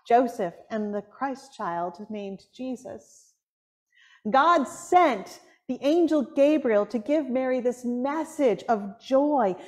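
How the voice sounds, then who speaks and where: A high-voiced woman with a Buffalo, New York accent gives a sermon in a somewhat hard, nasal tone. She tells stories in an animated way and laughs often as she preaches.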